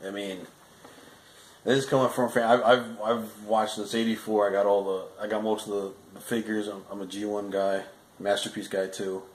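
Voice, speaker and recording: A man's voice: lowish voice, level tone, normal speed, echoey room, a little hiss or hum, poor audio. A man giving a casual, rambling spoken movie review, often restarting sentences and adding frustrated asides.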